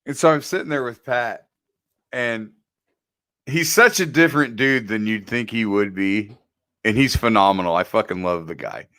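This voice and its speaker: A man's voice: on the low side, normal speed, a bit bright, no room sound. Profane, candid man on a podcast. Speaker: podcast co-host. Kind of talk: casual podcast chat.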